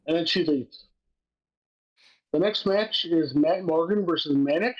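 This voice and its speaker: A man co-hosting a wrestling podcast, recapping matches in casual, profane, excitable chat and laughing as he goes. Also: on the high side, unhurried, highs cut off.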